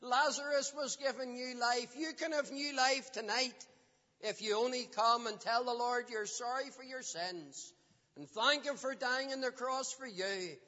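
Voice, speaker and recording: A man with a high, bright voice preaches to children, often stopping to put questions to them. The sound is dull and lo-fi, with a long reverb from the hall around him. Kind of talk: children's gospel talk.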